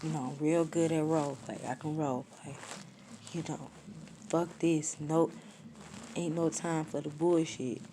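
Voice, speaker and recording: Young woman in her twenties, low voice, flat matter-of-fact story time delivery. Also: a little slow, noisy background. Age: 20s. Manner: blunt, slangy and matter-of-fact, little emotion shown. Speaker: storyteller vlogger. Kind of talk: casual story time monologue.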